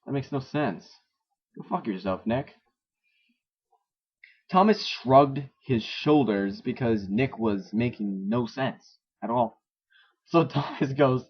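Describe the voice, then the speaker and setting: Guy reading some story and roasting it, swears a lot, middle pitch, muffled lo-fi mic. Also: lively intonation, takes it slowly, pauses often, husky. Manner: sarcastic, swears a lot, laughs at the text. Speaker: story reader. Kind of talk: mocking read-through of a story. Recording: dull lo-fi recording.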